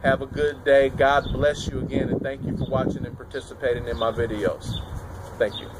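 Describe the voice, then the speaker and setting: A man's voice: mid-range voice, flat delivery, a little fast. Emphatic man ranting outdoors in wind. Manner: emphatic, repetitive phrasing. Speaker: political vlogger. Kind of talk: opinionated political commentary. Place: outdoors in a city, windy. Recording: wind and traffic noise outdoors.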